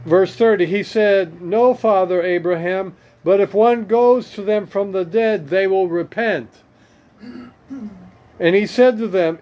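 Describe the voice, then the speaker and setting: Male preacher, higher voice, slow and measured, slightly dull lo-fi sound. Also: a little mellow. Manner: slow and deliberate, reading verses aloud with comments. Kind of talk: scripture teaching.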